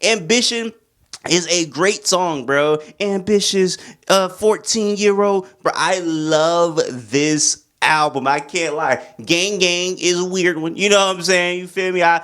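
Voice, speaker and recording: A man ranking his favorite albums in a casual vlog, excitable and rambling, full of slang. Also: high-pitched, a little slow. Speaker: music reviewer.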